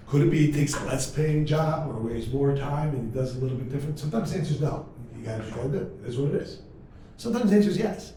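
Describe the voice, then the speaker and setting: Energetic rabbi lecturing in an echoey hall. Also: male voice, on the high side, fast talker. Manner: energetic and humorous, with many rhetorical questions. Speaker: rabbi teaching a class. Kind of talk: lively classroom lecture with storytelling. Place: large study hall. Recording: very echoey hall, mic far off, faint noise.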